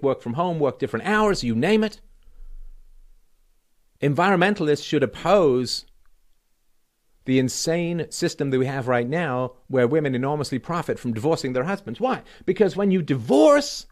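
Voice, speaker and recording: Man, middle-aged, show host, solo commentary rant, sarcastic, emphatic, medium pitch. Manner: sarcastic, emphatic, swings from loud to quiet.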